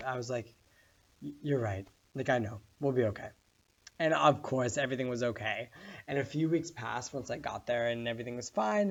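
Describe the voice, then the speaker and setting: Male meditation teacher, laid-back and chatty, fry in the voice. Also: mid-range voice, muffled recording. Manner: relaxed, storytelling, many fillers. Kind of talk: casual spoken lesson.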